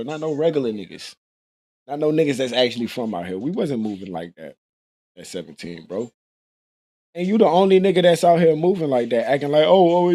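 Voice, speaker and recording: Host, male, blunt and profane, slightly high voice, drops to mutters then bursts out loud. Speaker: livestream show host. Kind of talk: casual reaction commentary.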